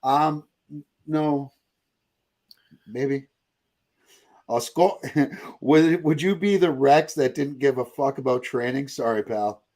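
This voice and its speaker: Quick to laugh, this pop culture podcast host keeps the conversation loose, full of jokes and rambling asides. His mid-range voice carries a darkish tone.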